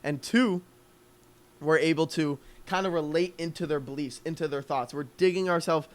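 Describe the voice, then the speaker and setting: Young male coach, slightly higher voice, relaxed filler-laden delivery on a live call. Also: moderate pace. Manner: loose and conversational, filler-heavy, thinking aloud. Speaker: copywriting coach.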